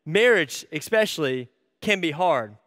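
A man in his thirties giving a sermon as an animated, self-deprecating storyteller. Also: on the high side, unhurried, dry recording, studio quality, long reverb tail. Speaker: church staff speaker.

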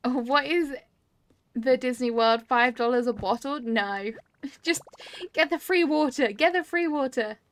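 A woman's voice: high-pitched, measured pace. A British woman in her thirties chatting casually on a live stream, laughing often and reading chat comments aloud.

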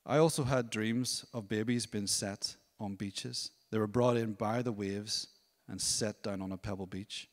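Man, low voice, church testimony, animated storytelling, long hall reverb. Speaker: worship leader.

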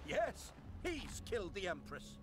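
An actor playing a cold, scheming male usurper who gloats with calm menace in a game. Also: sits high, a little slow, heavily acted. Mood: accusing. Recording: echoey hall with noisy game ambience.

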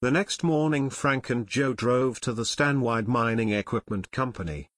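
This is a man reading scripted audiobook narration at normal speed, his mid-range voice steady and even as he tells the story. The studio sound is clean, with no room sound.

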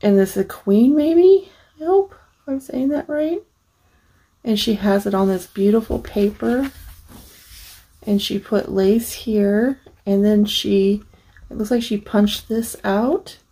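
Taking it slowly in a mellow, medium-pitched voice with a breathy edge, a crafting-channel host casually unboxes and looks through a handmade journal. She gushes with admiration and uses many fillers, and the recording is low quality.

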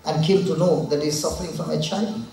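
A man preaches with slow, weighty pauses, his voice a little high for a man. He sounds far from the mic in a big, echoing hall, with faint room noise behind him. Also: vocal fry, darkish tone. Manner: slow, dramatic delivery with long pauses. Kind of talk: sermon with acted quotes.

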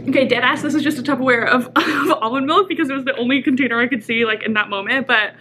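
A young woman with a high, bright voice talks straight to her camera in a loose, rambling vlog, tossing in "like" constantly. She sounds close to the camera in her apartment, with a faint hum of room ambience behind her. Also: fast talker, few pauses, poor audio. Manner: rambling, lots of "like" fillers, animated. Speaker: vlogger. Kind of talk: casual chatty vlog. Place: apartment, indoors.

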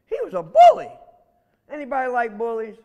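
A man's voice: very high voice, wildly swooping pitch, fairly quick, mellow, in a large hall, muffled recording. A man, telling a children's story in a playful, chatty way and asking the children questions.

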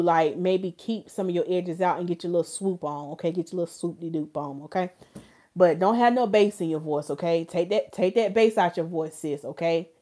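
A woman's voice: mid-range voice, darkish tone. A woman talks casually to her livestream viewers, playful and joking. She hosts as a hairstylist and chats easily, teasing her audience. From North Carolina, USA.

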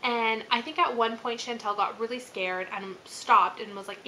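Her voice sits on the high side and sounds sharp, moving at a moderate pace with hardly any pauses. The thirty-something host tells a spooky personal tale on her channel in a casual way, packed with fillers and small laughs. A little hiss or hum runs through the low-quality recording.

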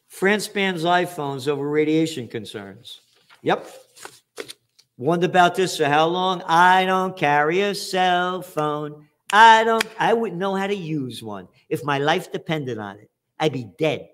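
In an unhurried, slightly high voice, a man hosting a show reads the news headlines. He's a trends forecaster who responds to them with sarcastic, foul-mouthed, shouted mockery.

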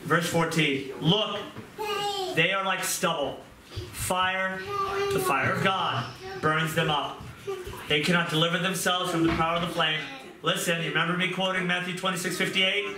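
A middle-aged man preaching a sermon with impassioned pleading that drops to hushed, tearful moments. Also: high-pitched, steady tone, moderate pace, crowd noise. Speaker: pastor. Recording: echoey room, mic at a distance, audible background noise.

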